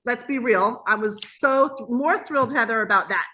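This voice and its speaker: Speaking at a moderate pace in a voice on the high side, this woman is a hospitality business owner appearing as a guest in a relaxed interview over video call. She spins lively stories, performing the voices she quotes.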